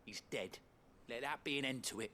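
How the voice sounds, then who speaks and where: An actor playing a bitter, bigoted villager in a video game, grumbling resentfully. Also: male voice, medium pitch, moderate pace, pushed and bright, a little hiss or hum, natural voice.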